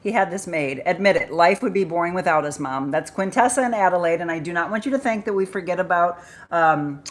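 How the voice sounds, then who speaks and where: A woman's voice: fairly low pitch, fairly quick. A woman hosting a live chat show, upbeat and chatty as she reads out viewers' comments and names. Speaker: livestream host.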